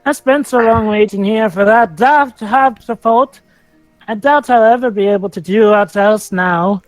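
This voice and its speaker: A woman's voice: medium pitch, a little slow, dry recording, soft background music, lightly acted, rough recording. An actress voicing a plain-spoken young Yorkshire woman in game dialogue, blunt with homely dialect.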